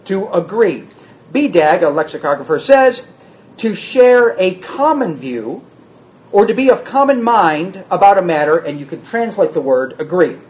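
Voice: mid-range voice, lively intonation, normal speed, darkish tone, lo-fi sound. A Bible teacher giving a word-study lesson, reading verses aloud and then restating them in plain words.

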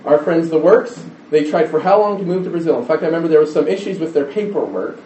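A man's voice: a little high, animated, fast talker, dark tone, echoey room, recorded from a distance, highs cut off, a little hiss or hum. A middle-aged man preaching a conversational sermon, rambling with restarts and stories.

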